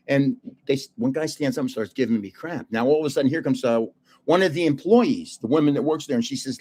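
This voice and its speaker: Older man with a higher voice, chatty card stream host. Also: brisk. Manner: animated, laughing storyteller, chatty with viewers. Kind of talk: casual live-stream chat and storytelling.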